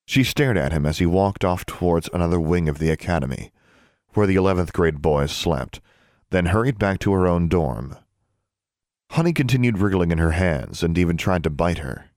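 Deep male narrator, lively expressive read, dry booth sound. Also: moderate pace, no echo. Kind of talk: audiobook narration.

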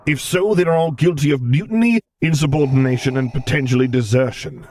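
A man reading a story, voicing a menacing armored dark lord who barks sharp, forceful commands. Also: mid-range voice, a little fast, voice pushed up, lightly acted. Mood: angry.

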